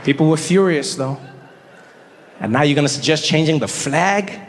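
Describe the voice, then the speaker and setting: A man from South Africa performing a stand-up comedy routine, animated and acting out angry crowds in a raised voice. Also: moderate pace. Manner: animated, acts out shouting crowds in a high voice. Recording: live hall with reverb and faint ambience.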